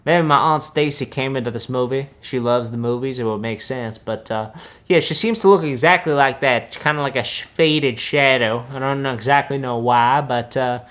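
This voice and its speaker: A man's voice: mid-range voice, normal speed, a bit bright, lightly acted. A young man, playing a boastful country-boy wizard who reacts to films in a laid-back, rambling drawl full of folksy asides. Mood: smug. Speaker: comedic film reactor. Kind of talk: deadpan comedic reaction.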